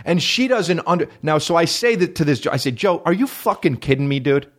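A man's voice: a little high, a little fast. Thirty-something guy ranting on his podcast, swears a lot, voice jumps all over doing everyone's lines. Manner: animated storytelling, profane, acts out voices of others. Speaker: podcast host. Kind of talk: solo comedic podcast rant.

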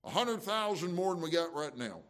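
A man's voice: on the high side, expressive, brisk, a bit bright. Fervent folksy male preacher. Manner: fervent, conversational preaching with emotional surges; frequent restarts and folksy asides. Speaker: pastor. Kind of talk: sermon.

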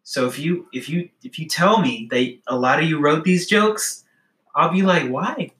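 Bright, forward young-sounding man riffing on jokes with a friend; loose, self-interrupting delivery. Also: a little high, moderate pace, echoey room, rough recording. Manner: rambling, self-interrupting, playful. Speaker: co-host reading jokes. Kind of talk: casual comedic chat.

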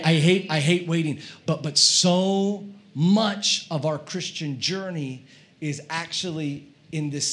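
A male pastor preaching a sermon, telling a comic story in an animated way and acting out his own shouting. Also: fairly high pitch, slight background noise. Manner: animated, acts out quoted shouting.

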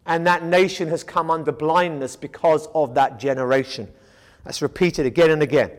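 A man's voice: on the high side, steady tone, moderate pace, long reverb tail, rough recording. A man teaching a Bible study lecture, emphatic, asking rhetorical questions and answering them himself.

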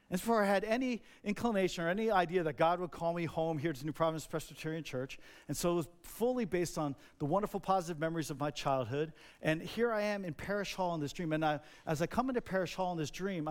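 A male pastor from New Jersey preaching a sermon, telling a personal story earnestly with filler words. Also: fairly high pitch.

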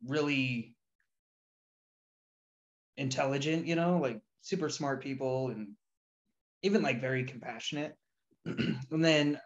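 Laid back joking guy on a podcast, swears casually, kinda muffled lo-fi audio. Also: mid-range voice. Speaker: podcast co-host. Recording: dull, muffled lo-fi sound.

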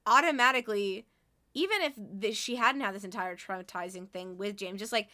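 A woman's voice: mid-range voice, a little fast, sharp tone. A woman co-hosting a podcast in casual chat, talking in a chatty way with lots of laughter and fillers. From North America. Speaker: podcast co-host.

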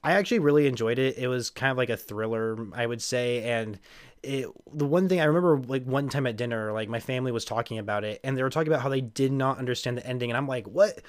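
A man's voice: medium pitch, fast talker, clear, resonant tone. Laid-back man rambling on a podcast. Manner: rambling, laughs often, many restarts. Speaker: podcast host. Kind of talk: casual podcast chat.

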